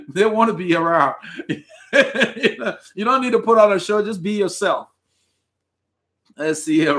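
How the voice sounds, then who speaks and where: A middle-aged man from Texas chats casually on a live stream, reading out viewer comments for his cycling channel. He rambles easily and chuckles as he goes. His voice sits a little high for a man. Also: pushed and bright.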